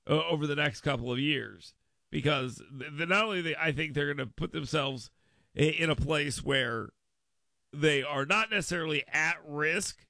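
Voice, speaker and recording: Gravelly, bright-voiced radio host. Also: male voice, on the high side, dry recording. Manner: animated, acts out others' voices in quotes; self-correcting, repeats words as he goes. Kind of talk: political talk radio commentary.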